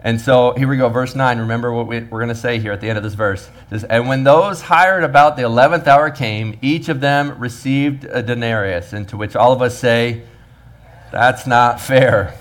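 Male pastor, mid-pitched, preaching with energy and playful asides. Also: a little fast, few pauses. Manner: animated, acts out the workers' voices with humor. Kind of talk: sermon.

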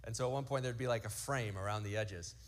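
Storytelling pastor, slow and emphatic. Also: male voice, fairly low pitch. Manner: storytelling, acts out quotes from kids. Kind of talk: sermon.

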